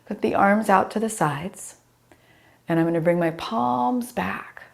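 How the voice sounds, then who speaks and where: A middle-aged woman teaching a chair yoga class over a video call, giving calm guiding cues and naming students as she goes, with a slightly scratchy voice. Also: mid-range voice, a little slow, gravelly. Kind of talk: live online yoga class instruction.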